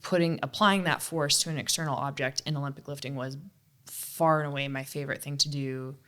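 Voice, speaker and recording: Young female co-host, low voice, blunt and casual chat. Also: fairly even intonation, fairly bright tone. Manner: frank, swears freely, quick asides. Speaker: podcast co-host and CrossFit coach.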